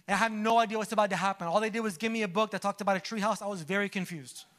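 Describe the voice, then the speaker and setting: A man with a notably high voice preaches a sermon. He talks to the congregation like friends, tossing out jokes and quick questions between scripture points. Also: fairly even intonation, fairly bright tone. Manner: conversational preaching with humorous asides and audience questions. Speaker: pastor.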